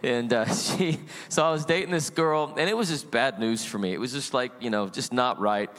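A middle-aged male pastor preaching a sermon and telling his testimony in an animated storytelling way, acting out voices in the story. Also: mid-range voice, normal speed, long reverb tail. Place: church.

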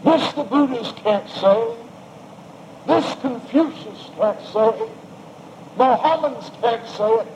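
A man's voice: extremely high pitch, animated, slow pace, a little mellow. A man preaching a sermon with emphatic, rising and falling delivery and repeated phrases. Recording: dull lo-fi recording with faint noise.

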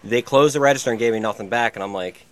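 A man's voice: mid-range voice, fast, fairly bright tone. A man co-hosting a podcast, telling rambling stories in casual chat, filled with "like". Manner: rambling storyteller, heavy on "like". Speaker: podcast co-host.

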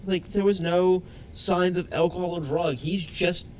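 A man's voice: sits high, steady tone, measured pace, a little hiss or hum. A man co-hosting a casual podcast, cracking dry jokes and swearing freely as he banters. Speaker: podcast co-host.

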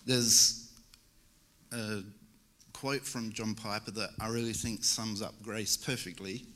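A man's voice: fairly low pitch, steady tone, slow pace, pushed and bright. A young man preaching a church sermon in a casual, joking way. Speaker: lay preacher. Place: church service.

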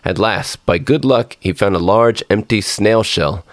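A man narrating a storybook as a podcast storyteller, in a measured, expressive reading. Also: fairly low pitch, dry recording, studio quality.

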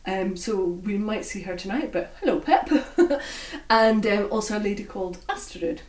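A woman with a Scottish accent co-hosting a podcast, speaking slowly and deliberately in a friendly, chatty way and laughing often. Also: mid-range voice. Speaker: podcast co-host. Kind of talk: casual podcast chat. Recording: roomy sound from a distant mic.

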